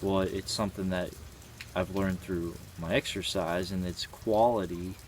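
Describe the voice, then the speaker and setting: A man in his twenties with a deep, steady voice talks unhurriedly to camera, with a little hiss or hum in the recording. This vlogger is casual and earnest, rambling through a reflective monologue packed with "you know" fillers and the odd swear word.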